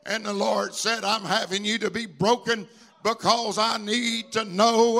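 A bishop preaching a live church sermon in a sanctuary. He speaks emphatically, repeats his lines and swells into shouts. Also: sits high, level tone, a little slow, gravelly. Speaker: bishop and pastor.

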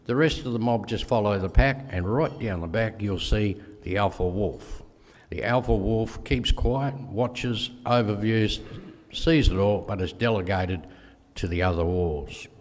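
A man's voice: fairly low pitch, unhurried, big-room sound. An older Australian man giving a folksy speech with stories, acting out voices in his anecdotes. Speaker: guest speaker.

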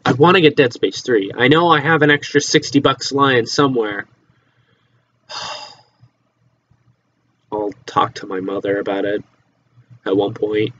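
A teenage boy talks to his viewers in a loose, rambling way, drifting between thoughts and swearing casually. His voice sits at an ordinary pitch for a young man. The laptop microphone gives it a dull, lo-fi sound with a faint hiss behind it. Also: measured pace, long pauses, fairly bright tone. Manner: rambling, offhand, swears casually, trails off into mutters. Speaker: vlogger. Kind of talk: casual rambling chat to camera.

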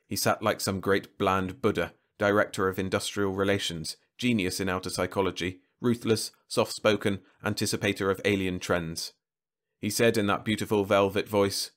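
Male audiobook narrator, low-pitched, measured and even. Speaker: storyteller. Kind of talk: scripted narration.

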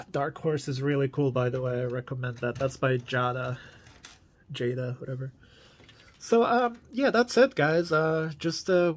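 A man with a gravelly edge to his mid-pitched voice talks through his collection. He is chatty and enthusiastic, rambling with plenty of fillers as he reviews toy cars for his viewers. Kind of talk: casual video review.

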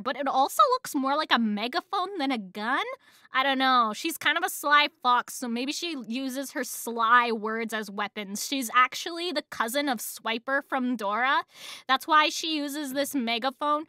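A woman's voice: sits high, sharp tone, no room sound, studio quality. A woman streamer reacting to a video with playful, crude jokes and frequent giggles. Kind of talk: casual reaction commentary.

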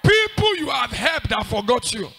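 A male pastor preaching in a church service, swinging between shouted commands and hushed pleading in a sing-song cadence. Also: very high-pitched, very animated, normal speed, slightly rough. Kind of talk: fiery prayer sermon.

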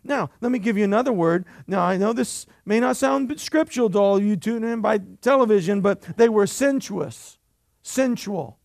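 A man's voice: sits high, brisk, vocal fry, hardly any pauses, dry recording, studio quality. A male pastor preaching a sermon in church, emphatic and jokey, calling for amens from the congregation.

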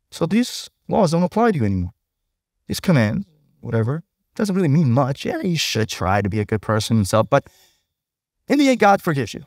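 A man's voice: on the high side, very animated, normal speed, no room sound, clean studio sound. A male pastor preaching a sermon in a conversational way, often checking in with the congregation by asking "right?".

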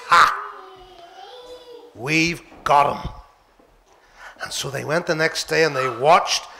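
A Northern Irish minister spins a Bible story for children, lively and playful. His voice sits notably high for a man and carries a gravelly rasp. He sounds like he is speaking in a church. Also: slight background noise.

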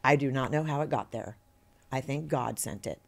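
A woman's voice: a bass voice, moderate pace, vocal fry. A middle-aged woman, a guest actor, telling anecdotes in an interview and acting out the voices of people she quotes. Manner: animated storyteller who acts out quoted voices.

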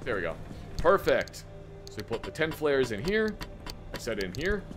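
A man giving casual live gameplay commentary as a streamer, talking to himself and breaking into excited outbursts. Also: moderate pace, music in the background. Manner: excitable, talks to himself, sudden squeaky outbursts.

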